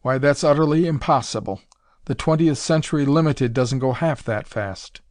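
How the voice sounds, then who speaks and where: A man's voice: mid-range voice, moderate pace, a little mellow, no room sound, studio quality, natural voice. A man voicing a tired, shaken aviator who keeps asking incredulous questions. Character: startled weary male aviator.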